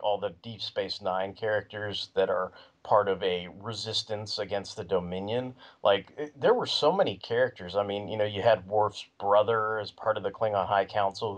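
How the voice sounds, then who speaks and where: A man co-hosting a podcast in casual chat, rambling with lots of "you know" and "like". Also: lowish voice. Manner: rambling, filler-heavy talk. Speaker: podcast co-host. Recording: muffled lo-fi recording.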